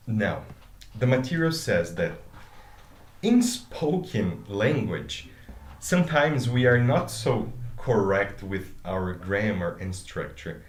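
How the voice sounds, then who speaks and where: A man's voice: on the low side, expressive, slow. A man, teaching an English grammar lesson. He explains with examples and often checks in with "okay?". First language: Portuguese. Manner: explains with examples, asks okay after each point. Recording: echoey room.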